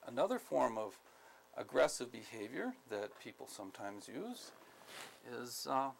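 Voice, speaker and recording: Gravelly-voiced man teaching a skills class. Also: mid-range voice, very animated, slight background noise, poor audio. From United States. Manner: deliberate, repeats key points, many ums. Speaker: instructor. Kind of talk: skills training lecture.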